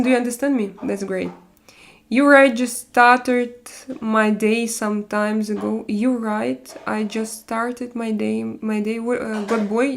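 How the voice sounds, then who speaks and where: A woman's voice: a little high, a little hiss or hum. A woman in her forties with a Russian accent, hosting a casual live stream and chatting with viewers, speaking non-native English with many fillers and restarts. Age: 40s.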